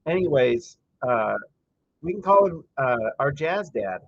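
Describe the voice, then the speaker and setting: A man's voice: fairly high pitch, very animated, a little slow, slightly rough, no echo, muffled recording. A man hosting a casual live game-watch stream, chatty and reading viewer comments aloud, breaking into frustrated rants. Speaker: livestream host.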